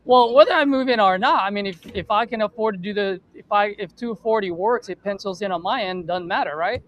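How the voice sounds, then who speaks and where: A man vlogging while cold-calling sellers, talking fast and jittery, with a friendly, persuasive sales manner. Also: high voice, a bit bright, a little hiss or hum, rough recording. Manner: jittery, fast and wired from espresso. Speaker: real estate wholesaler cold-calling sellers. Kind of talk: casual vlog and sales call.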